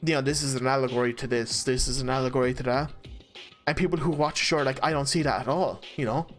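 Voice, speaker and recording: A man in casual chat over a voice call, rambling and excitable, swearing and laughing often. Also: mid-range voice, quick pace, faint music behind. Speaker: let's play co-host. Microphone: voice chat mic.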